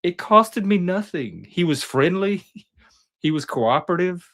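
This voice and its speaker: A man's voice: high voice, measured pace. A middle-aged man on a talk panel, casually telling personal stories and acting out the voices of people he quotes. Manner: animated, acts out quoted voices. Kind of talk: casual storytelling.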